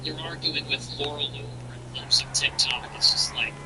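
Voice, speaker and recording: A man's voice: fairly high pitch, steady tone, normal speed, background noise. A man hosting a livestream, chatting casually and ranting bluntly with frequent profanity. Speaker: livestream host.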